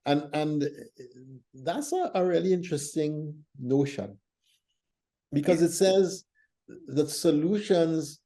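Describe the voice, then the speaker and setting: Man with a very dark, mellow voice. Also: on the high side. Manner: thoughtful, tells stories in a measured, unhurried way. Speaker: church leader hosting a faith talk show. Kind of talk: reflective conversational teaching.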